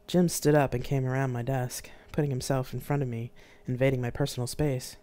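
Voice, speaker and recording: Author reading their own book live, dramatic delivery, mid pitch. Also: fairly even intonation, brisk, hardly any pauses, mellow. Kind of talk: live-streamed audiobook reading.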